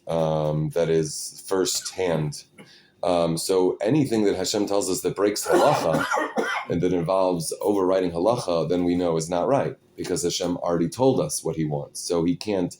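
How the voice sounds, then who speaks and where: A man teaching an informal Torah class, halting and restarting his phrases, peppering his English with Hebrew and Yiddish terms. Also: sits low, steady tone, a little mellow, slight background noise.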